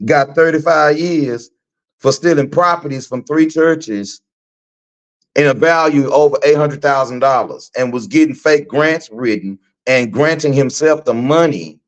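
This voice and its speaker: A man's voice: fairly high pitch, dull audio. A middle-aged man from Texas, ranting animatedly and profanely to his live-stream audience, repeating himself for emphasis. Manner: animated, repetitive, preachy and profane. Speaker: host.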